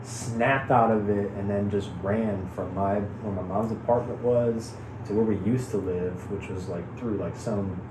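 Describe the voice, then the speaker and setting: A man from Chicago telling a wild personal story in casual chat, animated, laughing often and swearing freely. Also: on the low side, a little slow, echoey room, noisy background. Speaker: guest.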